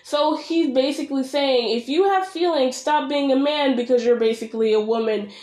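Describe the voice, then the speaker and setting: A woman's voice: high-pitched, normal speed, a little mellow, roomy sound. A young woman ranting bluntly and sarcastically while she reacts to a video. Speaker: reaction vlogger.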